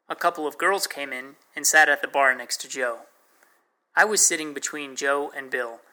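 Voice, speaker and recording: A man's voice: on the high side, sharp tone, poor audio. A man narrating a first-person memoir in a plain, wry storytelling manner.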